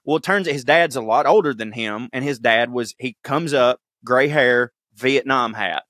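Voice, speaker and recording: Bright, animated man. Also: medium pitch, normal speed, no room sound, clean studio sound. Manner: profane, animated storyteller who acts out quoted people. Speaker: podcast co-host. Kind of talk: casual chat, comic storytelling.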